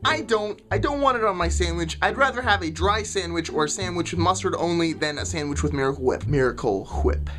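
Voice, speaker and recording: A woman's voice: on the low side, brisk, hardly any pauses, fairly bright tone. A woman vlogger delivering an exasperated, sarcastic comedic rant to camera. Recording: music clearly under the voice.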